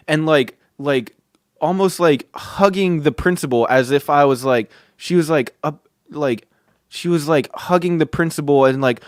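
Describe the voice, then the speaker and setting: A man's voice: medium pitch, moderate pace, dry recording, clean studio sound. A man hosting a podcast who tells a story in a casual way, with many fillers and free swearing. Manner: chuckling, swears freely, filler-heavy. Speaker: podcast host.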